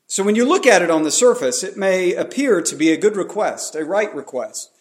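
A man's voice: high voice, expressive, fairly quick. A man preaching a sermon, emphatic and pressing his listeners with repeated rhetorical questions.

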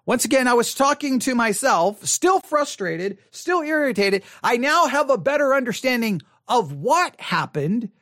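A man's voice: very high-pitched, very animated, a little slow, few pauses, bright, forceful tone, no echo. A man, a pastor, talking earnestly to the camera from a studio and thinking aloud with many restarts. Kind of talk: reflective monologue to camera.

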